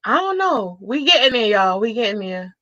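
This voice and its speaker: Woman live-stream host, fairly high and bright, chatty with shout-outs, dull dry lo-fi sound. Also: normal speed, no room sound. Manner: chatty, reading out the chat and giving shout-outs; bursts into excited high exclamations. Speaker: livestream host. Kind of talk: casual live-stream chat.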